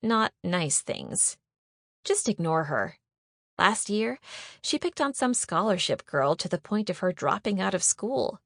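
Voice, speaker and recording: A woman's voice: medium pitch, big pitch swings, a little slow, vocal fry, a bit bright, dry recording, clean studio sound, exaggerated voice. A woman voicing a friendly, chatty teenage schoolgirl who talks eagerly and confidingly in an audiobook. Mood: gossipy. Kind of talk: audiobook character voice.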